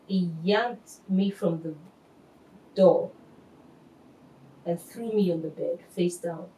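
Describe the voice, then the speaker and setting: Woman, 40s, from Nigeria, halting testimony; low mellow voice, roomy echo. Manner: halting, hesitant storytelling. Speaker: reality show contestant. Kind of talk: emotional personal testimony. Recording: echoey room, faint ambience.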